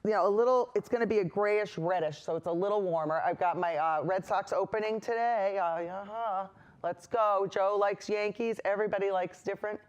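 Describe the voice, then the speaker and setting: Speaking at a normal speed with a clean, mid-pitched voice, an instructor guides viewers through a chatty painting lesson on camera from an indoor studio. Relaxed and reassuring, the talk keeps straying into personal tangents and then circling back to the brushwork.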